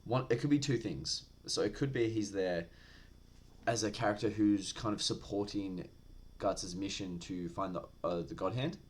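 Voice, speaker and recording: A man's voice: on the low side, normal speed. A man reviewing a manga chapter in casual chat, rambling and profane, full of slang and filler words.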